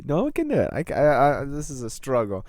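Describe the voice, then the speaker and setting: A man's voice: mid-range voice, huge pitch swings, a little fast, a little mellow, no echo, studio quality. A young man running a tabletop game as game master, joking and laughing in a casual chat.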